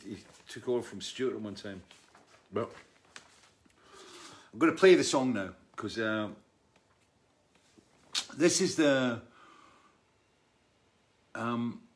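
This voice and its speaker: In his studio, a sixties-aged male musician casually fields viewer questions, rambling through anecdotes full of restarts and asides. His pitch is medium.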